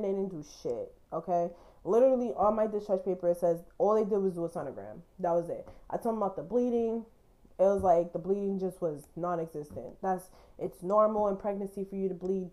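A woman's voice: medium pitch, warm tone. A young woman hosting a podcast, telling a personal story in a blunt, candid way and swearing casually. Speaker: podcast host.

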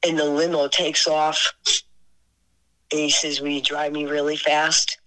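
Older woman guest, low-pitched, animated anecdote teller who laughs often, on a radio-style recording. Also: slow pace, poor audio. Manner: animated, laughing often, voices her friend's lines. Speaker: podcast guest, singer. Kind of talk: casual storytelling interview.

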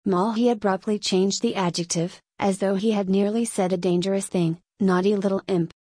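A woman's voice: medium pitch, fairly even intonation, dark tone, dry recording. Woman narrating a story, dry close sound. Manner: measured storytelling. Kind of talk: scripted audiobook narration.

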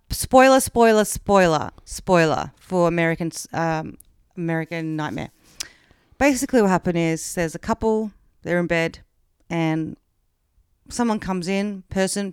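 Frank, chatty Australian woman co-host; smooth voice, dry close sound. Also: on the low side, no room sound. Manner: chatty, frank, swears, many fillers. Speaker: podcast co-host. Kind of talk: casual chat, retelling a true-crime story.

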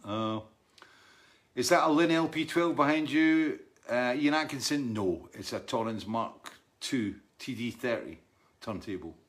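A man's voice: mid-range voice, animated, a little slow, a bit bright. A man in his sixties, a musician, casually answering viewer questions from his studio in a rambling, anecdotal way full of restarts and asides.

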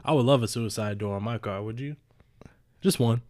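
A man's voice: mid-range voice, brisk, a little mellow. A man co-hosting a podcast, laughing easily and telling joking stories in casual chat. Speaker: podcast co-host.

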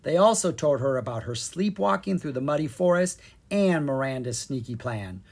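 A narrator giving an expressive reading of a children's storybook. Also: medium pitch, normal speed, breathy edge. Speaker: audiobook narrator.

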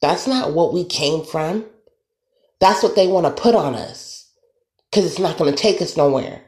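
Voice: mid-range voice, animated, measured pace, darkish tone. A podcast host venting alone on an episode, talking emphatically, repeating points and swearing. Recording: roomy echo.

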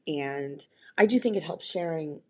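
Husky low-voiced woman podcaster. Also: unhurried. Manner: candid, earnest, rambling with restarts. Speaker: podcast co-host. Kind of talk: casual chat.

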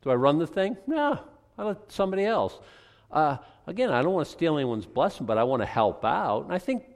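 A man's voice: fairly high pitch, very animated, brisk. A male pastor preaching a sermon in a conversational, joking, rambling way.

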